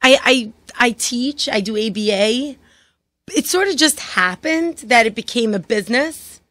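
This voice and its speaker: A woman with a thick New York accent talks eagerly in a casual studio chat. Her voice sits fairly high. The sound is dry and close. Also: lively intonation, measured pace, a bit bright, no echo. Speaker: guest, liqueur maker.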